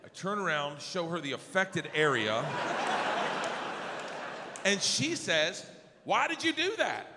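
A man doing stand-up storytelling on stage, animated and slipping into voices for the people he quotes. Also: sits high, slow, pauses often, noisy background. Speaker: stand-up comedian. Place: large theater stage before a live audience. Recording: live concert hall with long reverb.

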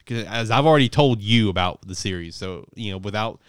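A man hosting a casual podcast, recapping a manga chapter in a profane, rambling, animated way. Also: lowish voice, a little fast, smooth, no echo, studio quality. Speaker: podcast host reviewing manga. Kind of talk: casual chat.

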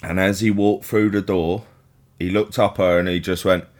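A man's voice: sits low, flat delivery, moderate pace. A man with a London accent, co-hosting a podcast in playful, incredulous banter. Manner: playful, incredulous, acts out quotes. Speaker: podcast co-host. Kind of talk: casual banter.

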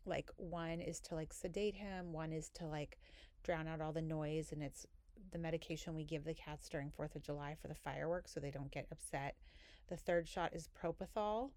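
A woman's voice: low-pitched, fairly even intonation, moderate pace, darkish tone, no room sound. A woman in her thirties, a podcast host, telling a personal story in an emotional way, full of fillers and restarts.

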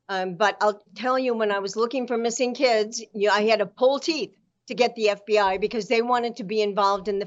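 Indignant woman guest on a dull line. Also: a little high. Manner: forceful, indignant. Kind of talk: political interview talk.

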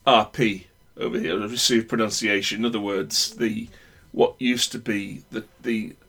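A man's voice: fairly low pitch, flat delivery, normal speed, a bit bright. A man with a broad northern English accent talks casually, offering his opinions at length. He often stops and restarts his sentences as he works through a thought. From Northern England. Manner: opinionated, rambling with many restarts. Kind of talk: casual chat.

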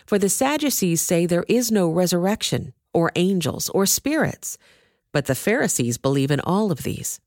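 Low-voiced woman reading scripture. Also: sing-song, a little mellow, dry recording, clean studio sound. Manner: measured, lifts pitch for quoted speech. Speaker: scripture reader. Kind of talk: scripted narration.

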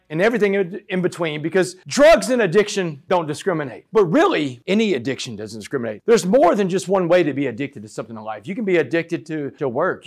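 A man in his forties with a drawl, telling a personal story as a motivational speaker, swinging from shouts to hushed asides. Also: high-pitched. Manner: dramatic storyteller, shouts and drops to near whisper. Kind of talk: storytelling keynote speech. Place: stage before a live audience.

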